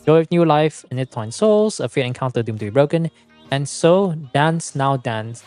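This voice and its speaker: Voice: mid-range voice, expressive, a little mellow, no room sound, soft background music, natural voice. A streamer putting on a solemn lore narrator. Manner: slow, declaiming, put-on accent. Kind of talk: dramatic reading of in-game text.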